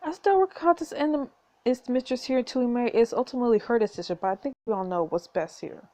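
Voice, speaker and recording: A woman's voice: on the high side, fairly quick, dark tone, lightly acted. A woman voicing a scheming, menacing aristocratic duke in a story game, with a sneering, condescending delivery.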